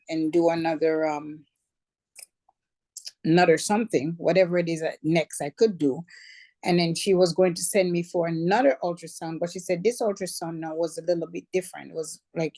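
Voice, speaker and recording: A middle-aged woman who survived cancer tells her personal story conversationally, backtracking to correct herself along the way. Her voice is on the low side and a little mellow, with no room sound.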